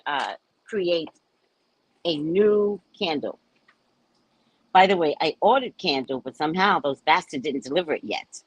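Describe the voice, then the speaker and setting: A woman from California hosts a loose, chatty show and slips easily into animated storytelling. Her voice is slightly husky, and her pitch rises and falls freely as she talks. The recording is close and dry, with no room around it. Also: dry recording, rough recording. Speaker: host. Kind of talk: casual chat.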